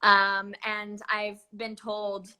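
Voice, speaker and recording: A young woman, an actress, chatting casually in an interview, full of fillers and quick laughs. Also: mid-range voice, monotone, sharp tone, smooth. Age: young adult. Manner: chatty, lots of "like" and "um", laughs often. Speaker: actress guest.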